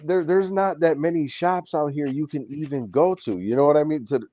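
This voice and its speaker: Male host, casual storyteller, animated and swearing, mellow tone, dry lo-fi sound. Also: fairly high pitch, fairly quick, dry recording. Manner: animated, swears, says "bro" a lot. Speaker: show host.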